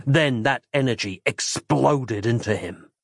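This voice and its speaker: A man narrating a horror audiobook in a dramatic, measured reading. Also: mid-range voice, creaky, no room sound, studio quality.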